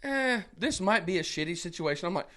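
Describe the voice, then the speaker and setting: A man's voice: high voice, a little fast. A man guesting on a podcast, telling a story in casual chat, acting out what people said and laughing often. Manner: animated, acts out quoted voices, frequent laughs.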